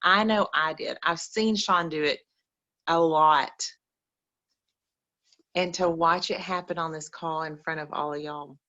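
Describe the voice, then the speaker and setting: A woman's voice: low voice, fairly bright tone, highs cut off. A woman, speaking earnestly and emotionally to a group on a video call. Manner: emotional, earnest, repetitive phrasing. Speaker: call participant. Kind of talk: heartfelt group-call testimony.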